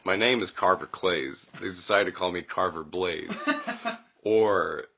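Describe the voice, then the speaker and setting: A young man hosting a podcast, telling a story in a casual, animated way, acting out quotes with jumps in his voice and laughing often. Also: low voice, a little slow, gravelly, noisy background. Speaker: podcast host.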